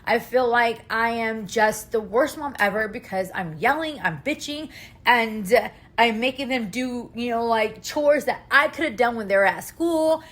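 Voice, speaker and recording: A woman's voice: on the high side, unhurried, fairly bright tone. A woman in her thirties, a mother of three hosting a podcast, venting emotionally and swearing often in a casual monologue.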